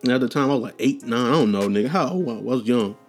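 A man's voice: medium pitch, racing, faint music behind. A young man hosting a casual storytelling podcast, talking loose and profane with slang, restarts and tangents. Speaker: podcast host.

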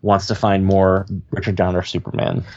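Relaxed low-voiced man chatting. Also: moderate pace, dull audio. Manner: relaxed, rambling, lots of fillers. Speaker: podcast co-host. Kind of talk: casual chat.

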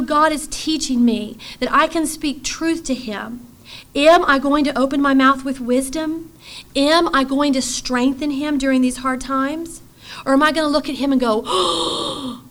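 A middle-aged woman delivers a sermon in a fairly high voice. She speaks earnestly, swinging between firm, ringing declarations and quiet, hushed passages. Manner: earnest, shifts between bold declaration and soft hushed tones. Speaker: pastor's wife speaking to women.

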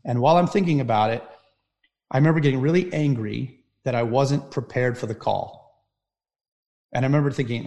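A middle-aged man, a firefighter, telling stories in an animated way and often asking "right?". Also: mid-range voice, a little fast. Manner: animated storyteller, frequent "right?" tags. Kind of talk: storytelling talk.

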